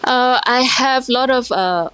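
Higher-voiced woman restaurant owner, halting. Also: clear, resonant tone, no room sound. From India. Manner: emotional, warm, halting with many fillers. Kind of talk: interview.

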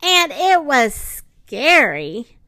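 A kind young girl from a picture book, voiced by a woman reading aloud. She talks gently and slowly, with a bright, lively lilt, close to the mic. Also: sits high, no room sound, exaggerated voice. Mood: gentle. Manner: gentle, reassuring. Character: kind young girl, owner of a big dog.

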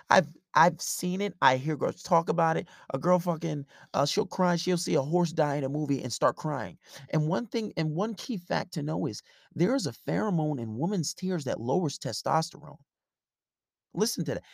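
Gravelly man preaching dating advice. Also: fairly high pitch, a little mellow, no echo, studio quality. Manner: preachy, emphatic, profane, repetitive. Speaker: podcast host.

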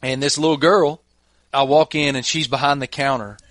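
A man's voice: medium pitch, fairly even intonation, normal speed, fairly bright tone, no room sound. Laid-back man telling funny stories. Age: middle-aged. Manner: laid-back, chuckling anecdotes. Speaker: podcast host. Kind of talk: casual storytelling chat.

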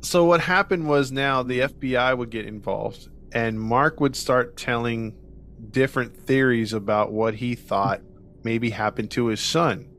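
A man's voice: mid-range voice, unhurried, a little hiss or hum. A male podcast host telling a true-crime story in casual chat, acting out the people he quotes. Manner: animated, acts out quoted people. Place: Colorado.

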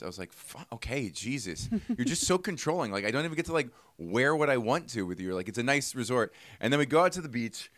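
A man's voice: medium pitch, expressive, fast, hardly any pauses, fairly bright tone, dry recording. A man co-hosting a podcast, casually telling a rambling story and acting out both sides of the conversation. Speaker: podcast co-host. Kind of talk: casual chat.

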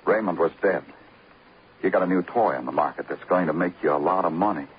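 An actor playing a shrewd detective who lays out a case in a calm, clipped, methodical way in an old radio drama. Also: male voice, low voice, brisk, slight background noise, lightly acted. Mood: firm. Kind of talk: 1940s radio acting. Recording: muffled old radio broadcast.

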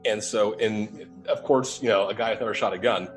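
A man's voice: fairly low pitch, fairly quick, faint music behind. A young adult man telling a ghost story casually, acting out the dialogue with laughs. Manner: animated, acts out quoted dialogue with laughs. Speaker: paranormal investigator telling his story.

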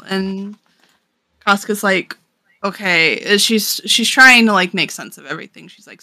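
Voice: mid-range voice, unhurried, sharp tone, no echo. A young adult podcast co-host casually recapping a story, talking in a chatty, filler-heavy way with frequent laughs.

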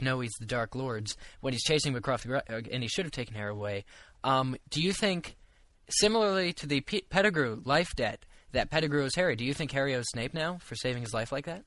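A man's voice: mid-range voice, fairly bright tone, dry recording. A young man co-hosting a casual group podcast chat, rambling with lots of fillers and restarts. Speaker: podcast co-host.

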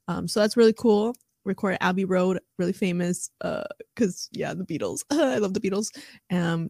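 A woman's voice: mid-range voice, creaky, a little mellow, no room sound, clean studio sound. Giggly, chatty woman. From United States. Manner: chatty and giggly, laughs often, many fillers. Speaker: streamer reading and discussing an article. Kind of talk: casual live-stream commentary and reading aloud.

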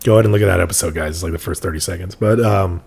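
A man's voice: low-pitched, rapid-fire, vocal fry, a little mellow, breathy edge. A young man co-hosting a podcast, chatting casually and rambling with lots of fillers. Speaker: podcast co-host. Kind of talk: casual chat.

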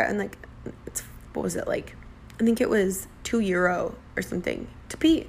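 A woman's voice: lowish voice, moderate pace, gravelly. Chatty American woman telling a travel story. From United States. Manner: chatty, animated, self-deprecating, acts out dialogue.

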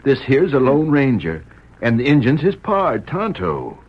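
A folksy frontier settler. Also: male voice, medium pitch, wildly swooping pitch, unhurried, breathy edge, lo-fi sound, exaggerated voice. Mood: tender. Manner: folksy, plainspoken. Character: weathered frontier settler, loyal husband. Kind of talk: 1940s radio drama acting. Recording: old radio recording with audible hiss.

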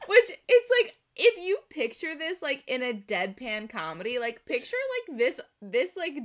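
A young woman with a high, bright, sharp-edged voice co-hosts a loose podcast chat. She laughs often and is crude and animated as she retells scenes. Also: measured pace. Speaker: podcast co-host. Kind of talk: casual chat.

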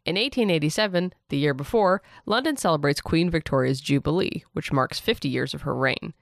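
Deadpan host reading a history bit, dry close mic sound. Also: medium pitch, fairly quick, vocal fry, no room sound. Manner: wry, deadpan asides. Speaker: podcast host and narrator. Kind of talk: comedic history narration.

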